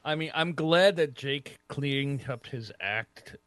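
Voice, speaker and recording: A man's voice: mid-range voice, slow, fairly bright tone, smooth, no echo. A male podcast host chatting casually and enthusiastically, laughing often. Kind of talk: casual chat.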